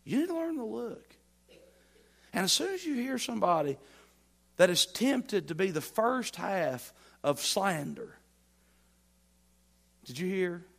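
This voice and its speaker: A man preaching a sermon as pastor, folksy and playful, swinging between loud emphatic lines and quiet asides. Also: sits high, very animated, measured pace, creaky. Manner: folksy humor, playful mock dialogue.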